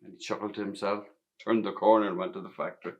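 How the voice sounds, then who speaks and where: Actor as wistful Northern Irish stableboy, low hushed monologue. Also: male voice, flat delivery, quick pace, highs cut off, lightly acted. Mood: reflective. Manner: reflective, intimate, often hushed. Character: grown stableboy remembering his youth, wistful. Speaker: actor in a one-man play. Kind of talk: theatrical monologue narration.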